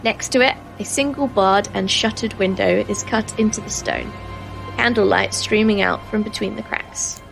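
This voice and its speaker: A woman's voice: mid-range voice, normal speed, vocal fry, a bit bright, soft background music, low-quality recording. A woman narrating as game master of a tabletop game, with frequent fillers.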